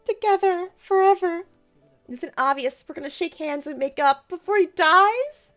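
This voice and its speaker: A woman's voice: high-pitched, expressive, moderate pace, bright, forceful tone, soft background music. A young woman streamer playing a story game, chatty and playful, reacting with jokes. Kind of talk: game playthrough commentary.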